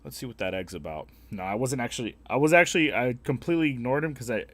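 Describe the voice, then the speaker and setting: A young man streaming a game, telling a story in a blunt, heavily profane, animated way. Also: mid-range voice, quick pace, dry recording. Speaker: live streamer. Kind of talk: casual storytelling while gaming.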